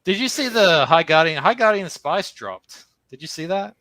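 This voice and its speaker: A man's voice: moderate pace, no echo. A man in casual podcast chat, ranting animatedly with lots of swearing. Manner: animated, swearing, jumps into mocking high voices when quoting. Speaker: podcast co-host.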